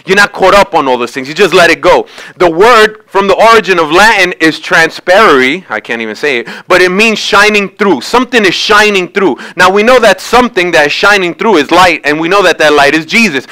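A man's voice: high-pitched, bright, forceful tone. A male pastor giving a sermon, talking conversationally and building to emphatic peaks. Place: church sanctuary.

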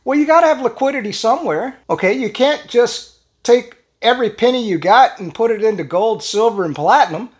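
A man's voice: extremely high pitch, animated, a little fast. An older man hosting his own casual vlog, talking in a rambling, folksy way with lots of restarts and chuckles. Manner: chuckles often. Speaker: channel host.

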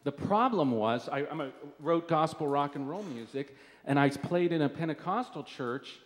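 A man's voice: a little high, expressive, moderate pace. A man performing stand-up comedy, telling a wry story with lots of asides. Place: live comedy stage. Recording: reverberant hall.

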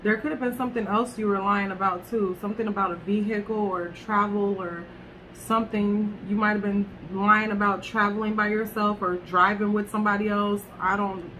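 A woman's voice: medium pitch, noisy background. A woman reading tarot cards to camera in a chatty way, talking straight to her viewers and swearing casually. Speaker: tarot reader.

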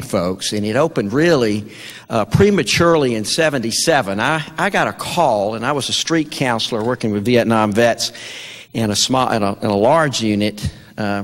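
An older man with a Southern American accent telling a story to an audience, folksy and stammering, a Vietnam veteran speaker. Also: mid-range voice. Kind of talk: storytelling speech at an event. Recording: long hall reverb.

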